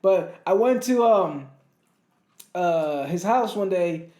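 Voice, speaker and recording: A man with a fairly high voice co-hosts a casual podcast. He rambles through his stories, restarting sentences and chuckling along the way. The room is echoey. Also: animated, slow, a little mellow. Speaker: podcast co-host. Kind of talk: casual chat.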